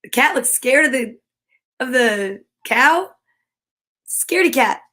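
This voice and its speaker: A woman's voice: high voice, expressive, slow pace, sharp tone. A woman hosting a children's story time, reading picture books aloud with playful, chatty asides and animal sound imitations.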